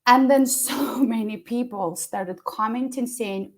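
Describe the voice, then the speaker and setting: A woman's voice: a little high, unhurried. A woman hosting an interview, talking in an effusive, emotional way and laughing often. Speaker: podcast host. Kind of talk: conversational interview.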